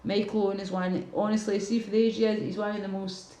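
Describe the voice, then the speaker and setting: A woman's voice: medium pitch, level tone, quick pace, dark tone, roomy sound, low-quality recording. A Glaswegian woman from Scotland chatting casually on a livestream, rambling and answering her viewers' comments as she goes.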